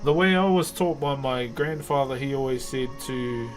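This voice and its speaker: A relaxed man with a New Zealand accent chats loosely with his stream viewers and calls them brother. His voice sits at an ordinary middle pitch. A little music plays softly behind him. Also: normal speed. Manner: laid-back, calls viewers brother and bro. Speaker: live streamer and carver. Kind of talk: casual live-stream chat with viewers.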